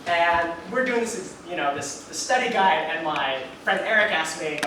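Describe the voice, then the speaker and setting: A man in his twenties performing a one-man stage monologue, telling his story with animated asides to the audience. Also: fairly high pitch, normal speed. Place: live theater stage with audience. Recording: echoey stage recorded from far off with audience noise.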